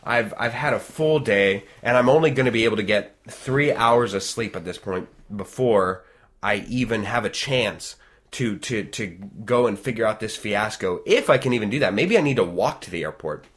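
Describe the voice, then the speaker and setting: A man telling a long personal story in casual chat, animated and rambling, with frequent restarts. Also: fairly low pitch, normal speed.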